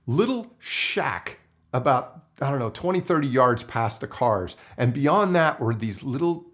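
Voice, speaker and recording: A filmmaker telling a story to camera in an animated way and acting out the people in it. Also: male voice, mid-range voice, unhurried.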